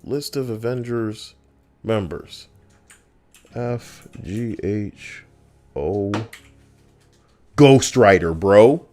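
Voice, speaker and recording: A man's voice: fairly low pitch, drawn-out words, pauses often, darkish tone, faint music behind. A young man streaming casually, teasing and arguing with plenty of swearing. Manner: profane, teasing, argumentative. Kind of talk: casual live-stream chat.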